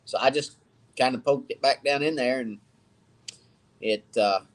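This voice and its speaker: An easygoing man hosts a casual live stream from his cluttered home workshop. He rambles loosely, with plenty of fillers, as he greets viewers by name and chats about fishing. His voice sits at an ordinary middle pitch. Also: a little slow. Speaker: fishing channel host.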